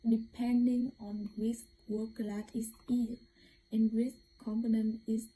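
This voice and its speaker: A young woman with a Vietnamese accent reading a class presentation aloud as a student presenter, carefully and haltingly, with some restarts. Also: fairly high pitch, little pitch movement, warm tone, breathy edge, low-quality recording.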